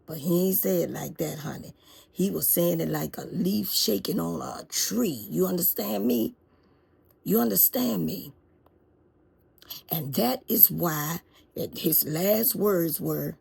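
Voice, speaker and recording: A woman telling a comic story in a folksy, animated way, speaking straight to her listeners. Her voice is low, deeply gravelly and very husky. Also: takes it slowly. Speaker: show host. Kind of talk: comedic storytelling.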